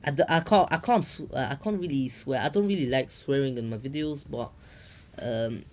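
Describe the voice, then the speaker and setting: A man's voice: medium pitch, moderate pace, darkish tone, slight background noise. A man improvising a fan-fiction story in a rambling, self-correcting way. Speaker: YouTube storyteller.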